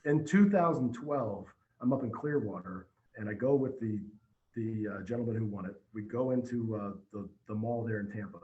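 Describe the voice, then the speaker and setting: A man, a dealership general manager, telling animated stories in a casual podcast chat over a remote call. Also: on the low side, normal speed, roomy sound, highs cut off. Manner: storytelling, energetic, with frequent restarts.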